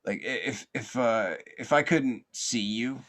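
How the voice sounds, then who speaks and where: A man hosting a podcast, reflecting in a slow, halting way with many fillers and restarts, in a soothing, almost sleepy cadence. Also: mid-range voice, fairly bright tone. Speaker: podcast host.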